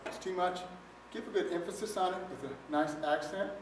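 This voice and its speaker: A man's voice: high voice, brisk, faint music behind. Methodical male trombone teacher, echoey room. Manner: methodical, explains step by step. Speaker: trombone instructor. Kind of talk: music lesson demonstration. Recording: very echoey room, mic at a distance. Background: trombone playing.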